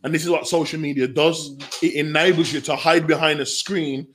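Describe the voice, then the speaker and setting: Brief: man, slangy storyteller, higher-pitched, acts out quotes while talking. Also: steady tone, fairly quick, a bit bright, slight background noise. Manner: slangy, acts out quoted voices, bursts into laughter. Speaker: youth violence researcher and guest. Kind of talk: animated storytelling conversation.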